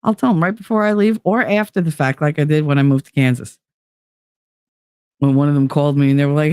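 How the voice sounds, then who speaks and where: A woman's voice: sits low, quick pace, smooth, dry recording, clean studio sound. A middle-aged woman, sick with a cold, rambling bluntly and profanely to her stream viewers. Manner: blunt, profane, animated storytelling. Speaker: livestream host. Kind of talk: casual rambling chat to viewers.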